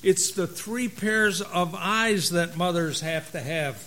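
A preacher doing God as a fussy, eager creator. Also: male voice, high voice, slow, bright, forceful tone, exaggerated voice. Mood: explaining. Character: God, busy male creator, fussy and excited.

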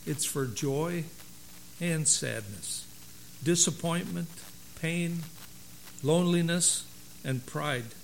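A man voicing God as a busy, excited creator, talking in a raised, animated voice. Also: on the high side, takes it slowly, vocal fry, long pauses, slight background noise. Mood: tender.

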